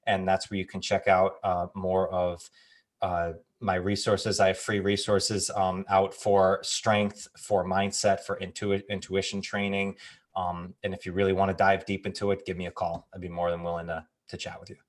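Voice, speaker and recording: A man, a personal trainer, talking as a guest on a podcast and telling stories in a friendly, lively way. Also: sits low, moderate pace. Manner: friendly, animated storyteller. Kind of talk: casual interview chat.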